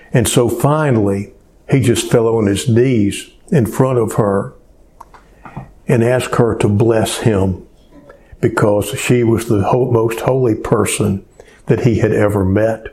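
A man preaching a sermon as pastor, telling a story in a slow, unhurried way. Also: medium pitch, dark tone.

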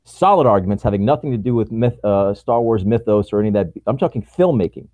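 A man's voice: on the low side, expressive, fast talker, warm tone, no echo. A man co-hosting a podcast in casual chat, talking with opinion and laughing often. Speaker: podcast co-host.

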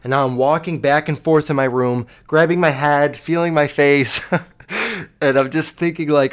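Young guy ranting casually about a rough night, lots of swearing, kinda high voice for a man, jumps up loud when he acts out freaking out. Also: steady tone, normal speed. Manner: rambling, swears a lot, acts out his own panic. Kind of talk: casual storytelling to camera.

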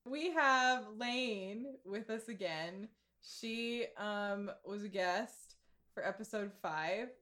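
A woman's voice: mid-range voice, takes it slowly, pushed and bright. A young woman hosting a podcast, teasing her guests with dry remarks in a casual way. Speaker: podcast host. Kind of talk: casual chat.

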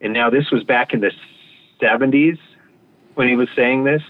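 A man's voice: medium pitch, moderate pace. A male guest telling stories in a rambling, casual way. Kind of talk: anecdotal storytelling. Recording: tinny phone line.

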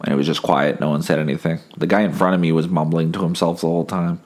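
A man's voice: very deep voice, steady tone, fast, hardly any pauses, a little mellow. A sick young man hosting a casual solo podcast, telling wry, rambling stories while holding back coughs. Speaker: podcast host.

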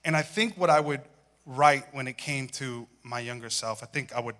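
A young man preaching a sermon, telling stories in an animated way and acting out voices. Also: mid-range voice, normal speed. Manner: animated storytelling, acts out voices and laughs. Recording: hall reverb.

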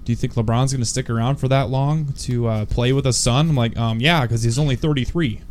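A man's voice: medium pitch, fairly even intonation, a little fast, darkish tone, slight background noise. A man co-hosting a podcast in casual, joking banter, laughing often. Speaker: podcast co-host. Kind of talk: casual chat.

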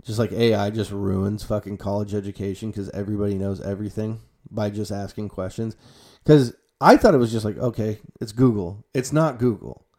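A young man with a lowish, mellow voice talks casually to his viewers. He rambles in a loose, profane way, drops to a mutter at the ends of phrases, and jumps up loud and high when he acts out his own panicked reactions. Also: fairly even intonation, a little fast. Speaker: vlogger.

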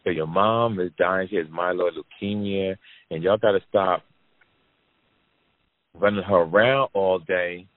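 A man spins a profane story for his listeners, leaning on repetition and punchlines. His voice sits low, and the sound is dry and squeezed down like a phone line. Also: a little slow, pauses often, dry recording. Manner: animated, profane, repeats for emphasis. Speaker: podcast host telling a story. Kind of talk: casual storytelling to an audience.

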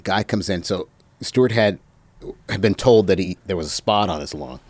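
A man telling stories as an interview guest, reflective and halting, with many pauses and fillers. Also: low-pitched, a little mellow, no echo. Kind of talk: reminiscing anecdotes.

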